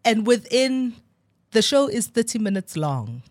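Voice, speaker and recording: A woman's voice: on the high side, big pitch swings, a little slow, a little mellow, no echo. Woman cohosting radio, giggly storyteller, dry studio sound. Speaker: radio co-host. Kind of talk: casual radio chat.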